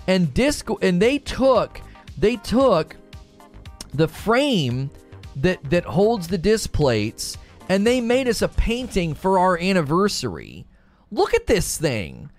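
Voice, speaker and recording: Livestream host, man, thirties, rambly and excitable, a bit higher-pitched than most. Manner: excitable, rambling, repeats himself. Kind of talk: casual livestream chat.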